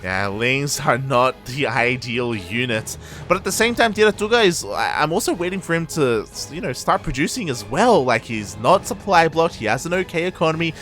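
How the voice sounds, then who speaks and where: A male esports caster calls a live match with a lively voice that swoops up and down in pitch. He is excitable, laughs often and says "mate" a lot. Faint music plays behind him. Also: moderate pace, hardly any pauses. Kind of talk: live game commentary.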